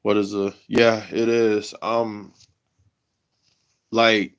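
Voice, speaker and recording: Slow-talking emotional man on a livestream. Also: on the low side, fairly even intonation. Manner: halting, repeats himself, emotional. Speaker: livestream host.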